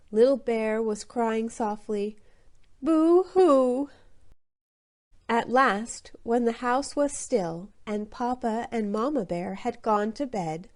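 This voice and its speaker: A woman reading a children's story aloud clearly and deliberately for English learners. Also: a little high, darkish tone. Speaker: audiobook narrator.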